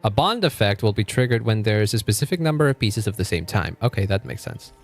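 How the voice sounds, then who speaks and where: A man's voice: lowish voice, lively intonation, fast talker, gravelly, faint music behind. A young man streaming a game from home, chatting casually, swearing freely and laughing often. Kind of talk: casual gaming livestream chat.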